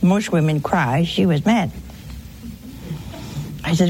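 A woman's voice: lowish voice, slow, long pauses, a little mellow, slight background noise, poor audio. A woman giving a folksy, wry sermon-style teaching on air, speaking straight to her listeners. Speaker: religious broadcaster.

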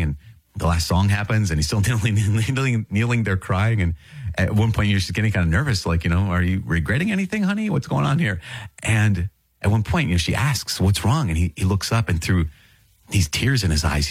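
A man hosting a podcast who teaches on scripture with earnest, animated storytelling and brief laughs. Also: sits low, brisk, breathy edge, no room sound. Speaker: priest, podcast host.

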